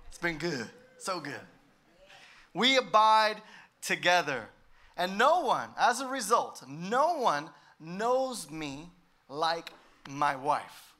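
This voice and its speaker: A male pastor preaching a sermon in an emphatic way, with sudden swells in loudness. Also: fairly high pitch.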